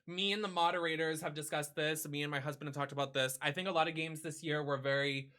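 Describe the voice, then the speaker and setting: A man hosting a casual chat with his partner, talking in an animated, profane, ranting way. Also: on the high side, quick pace. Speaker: streamer host.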